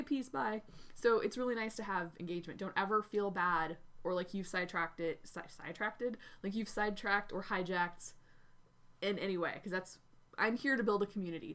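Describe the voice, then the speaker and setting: A woman's voice: mid-range voice, a bit bright. A woman hosting a writing livestream, talking casually and encouragingly to her chat with frequent restarts. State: out of breath. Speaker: livestream host.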